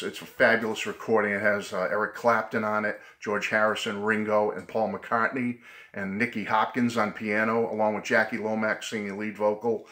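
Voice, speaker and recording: A man with a Boston-Providence New England accent, talking excitedly and rambling in a casual vlog, often laughing. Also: on the low side. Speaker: vlogger.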